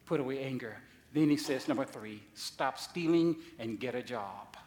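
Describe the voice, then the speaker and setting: A man pastor preaching a sermon, swinging from soft asides to loud, high-pitched emphasis. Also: expressive, moderate pace, a little hiss or hum. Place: church sanctuary. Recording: echoey church hall.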